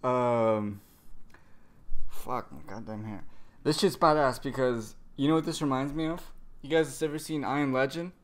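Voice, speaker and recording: A man's voice: mid-range voice, moderate pace. A man casually recapping a comic chapter, rambling, cursing a lot and trailing off into fillers. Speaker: manga reviewer.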